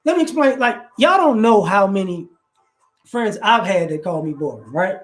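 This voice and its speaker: A man hosting a casual livestream, giving advice in a lively monologue and acting out both sides of conversations. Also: high-pitched, normal speed, roomy sound.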